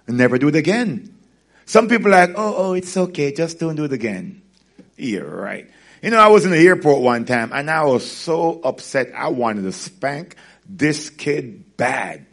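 A pastor delivers a sermon in a fairly high male voice that swings widely in pitch. He tells stories with animation and laughs often as he preaches. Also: breathy edge.

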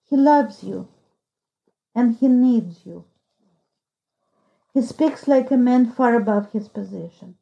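A woman voicing a kindly, sad noblewoman who speaks softly. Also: a little high, slow, vocal fry, pauses often, lo-fi sound. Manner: soft, sorrowful.

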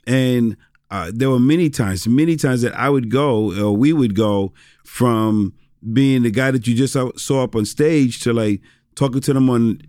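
A man's voice: mid-range voice, dark tone, dry recording, studio quality. A middle-aged man, a pastor and former rapper, telling stories in a casual interview, rambling with many restarts and fillers.

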